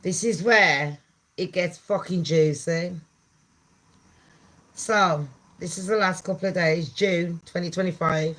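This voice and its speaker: A woman's voice: lowish voice, takes it slowly, fairly bright tone. Profane, blunt woman ranting. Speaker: channel host. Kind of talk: casual ranting commentary.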